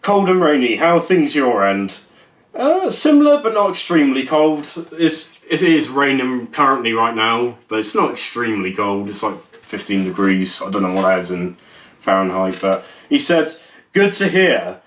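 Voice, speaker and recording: A young man's casual vlog, recorded in an echoey room, is jokey, rambling and self-deprecating. The YouTuber, a young adult, has an expressive mid-range voice that is a bit bright and runs at normal speed.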